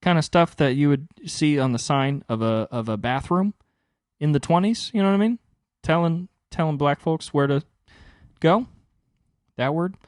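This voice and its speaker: A young man hosting his own podcast, telling a rambling story in casual, profane storytelling with sudden jumps in pitch for emphasis. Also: moderate pace, pauses often, no room sound, studio quality. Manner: animated, swears freely, pitch jumps high for emphasis. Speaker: podcast host and stand-up comic.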